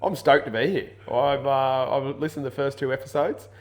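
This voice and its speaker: Australian male athlete guest, friendly, mid pitch, casual chat. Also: fairly even intonation, normal speed. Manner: friendly, grateful.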